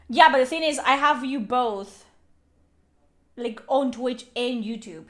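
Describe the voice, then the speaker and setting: Brief: woman streamer, high bright register, profane, teasing and mock-offended with her chat. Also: expressive, a little slow, long pauses. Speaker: live streamer. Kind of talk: casual live-stream chat.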